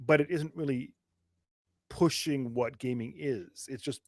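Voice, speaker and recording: A man's voice: mid-range voice, measured pace, darkish tone, no echo, studio quality. A man co-hosting a gaming podcast in casual chat, earnest and thinking aloud with restarts. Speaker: podcast co-host.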